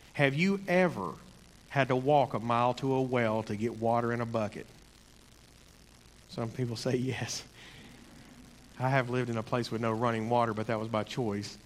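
A man giving a sermon in an earnest, conversational way, slowing down to stress key points. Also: mid-range voice, long reverb tail. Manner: earnest, conversational, slows for emphasis. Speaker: preacher.

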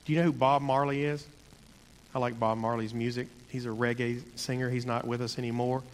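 A man giving a sermon in an earnest, conversational way, slowing down to stress key points. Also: medium pitch, level tone, big-room sound. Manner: earnest, conversational, slows for emphasis. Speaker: preacher.

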